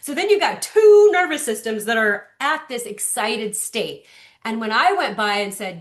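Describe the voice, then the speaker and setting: A woman speaker teaching parents in a lunch-and-learn session. She tells stories with animated energy and slips into playful voices to act them out. Her voice sits a little high. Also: measured pace. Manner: animated storytelling with acted-out voices.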